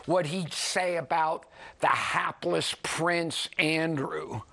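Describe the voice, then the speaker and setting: A man with a New York accent hosting a program, talking in an animated, digressive way with chuckling asides. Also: high-pitched, creaky. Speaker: program host. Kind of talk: conversational radio commentary.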